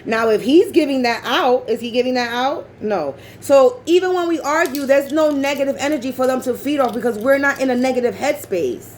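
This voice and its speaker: A woman's voice: high-pitched, fairly quick, few pauses, a little mellow, slight background noise, low-quality recording. A woman vlogger in a rambling casual monologue, talking bluntly and profanely.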